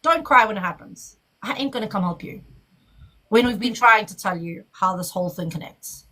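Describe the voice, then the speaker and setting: A woman's voice: medium pitch, lively intonation, normal speed, pushed and bright, rough recording. A woman hosting a live chat, speaking bluntly and emotionally, with swearing.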